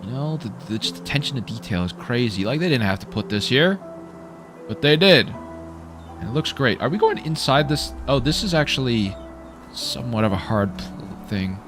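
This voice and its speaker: A Canadian man giving casual, excitable commentary while streaming a video game, reacting aloud and swearing freely. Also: medium pitch, moderate pace, music in the background.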